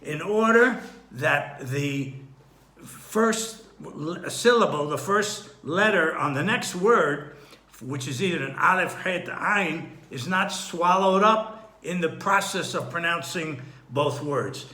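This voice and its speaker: Bright-voiced man teaching Torah. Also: on the high side, expressive, echoey room. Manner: unhurried, thinking aloud with frequent restarts; clears his throat often. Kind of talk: Torah study lesson.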